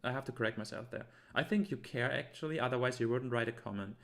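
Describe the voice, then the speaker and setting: A man's voice: mid-range voice, quick pace, vocal fry, fairly bright tone. Heated man arguing with live chat. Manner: argumentative, heated, many fillers and restarts. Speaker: live stream host. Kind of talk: live stream, reading and answering chat comments.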